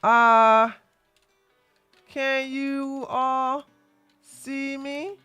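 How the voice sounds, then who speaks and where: A woman streaming live, chatting casually to her viewers in a soft, unhurried voice. She talks slowly, with a middle-pitched tone. The sound is dry and close to the mic. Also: steady tone, dry recording, soft background music. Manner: soft, unhurried talk, a break from her usual yelling. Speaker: livestreamer. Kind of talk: casual livestream chat.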